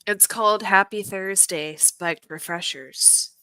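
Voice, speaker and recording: A woman's voice: medium pitch, slow pace, pushed and bright, no room sound. A woman co-hosting a casual drinking chat, chatty and teasing in a matter-of-fact way.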